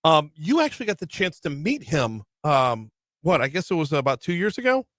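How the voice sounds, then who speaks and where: A man hosting a radio talk show, chatty and energetic, often repeating words as he starts a sentence. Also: on the high side, normal speed, dry recording. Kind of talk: radio interview.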